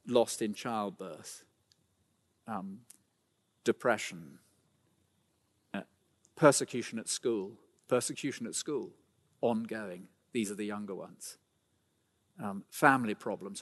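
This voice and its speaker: A man in his fifties preaching a sermon in a church, earnest and often climbing to fervent emphasis, with fillers and restarts along the way. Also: medium pitch. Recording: long hall reverb.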